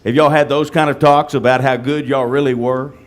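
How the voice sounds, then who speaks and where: A man's voice: medium pitch, steady tone, fairly quick. A man hosting a reunion panel, asking teasing, joking questions. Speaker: host. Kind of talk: moderating a panel.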